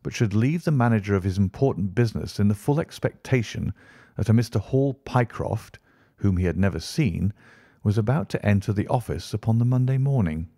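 A man doing Sherlock Holmes, crisp and impatient. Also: fairly low pitch, lively intonation, a little fast, warm tone, no room sound, studio quality. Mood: lecturing. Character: Sherlock Holmes, brisk, impatient male detective.

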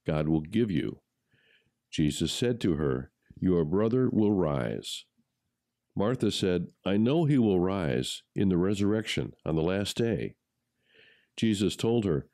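A man reading a gospel passage aloud in a measured, solemn way. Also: lowish voice, mellow, no room sound, studio quality. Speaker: gospel reader. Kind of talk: scripture reading.

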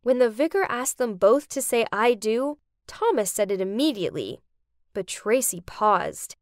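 A young woman giving dramatic scripted narration for an animated story. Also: fairly high pitch, unhurried, no echo, studio quality.

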